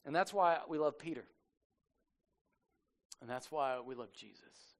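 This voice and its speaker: A lively, slangy preacher man. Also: on the high side, unhurried. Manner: lively storyteller, slangy, acts out quotes. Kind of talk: casual conversational sermon.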